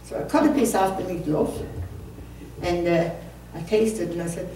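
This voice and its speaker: A woman in her seventies with a lowish, mellow voice tells a rambling, funny story at a moderate pace to a live audience at a community concert, laughing at herself along the way. The community hall echoes, the mic is distant, and faint room noise comes through.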